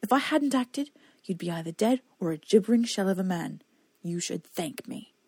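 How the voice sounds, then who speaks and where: A woman voicing a captive male enemy knight who talks smooth, cool and coaxing. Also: mid-range voice, animated, moderate pace, a little mellow, no room sound. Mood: heated.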